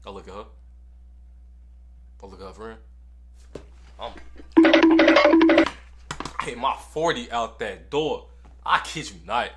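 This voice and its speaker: A young man casually telling a story to camera in a slangy, animated way, repeating lines for effect. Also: lowish voice, takes it slowly, long pauses, soft background music. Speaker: storytime vlogger.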